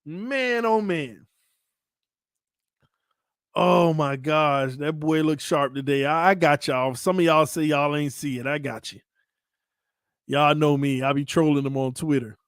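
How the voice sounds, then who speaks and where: A man hosting a sports fan channel, talking in a casual, animated, teasing way and breaking into loud excited hollering. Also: on the high side, unhurried, pauses often, clean tone, no echo, studio quality. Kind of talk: casual fan commentary vlog.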